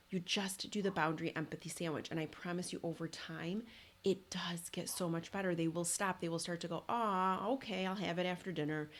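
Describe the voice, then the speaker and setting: A woman hosting a solo parenting podcast, talking in an earnest, conversational way with restarts and repeated words. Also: lowish voice.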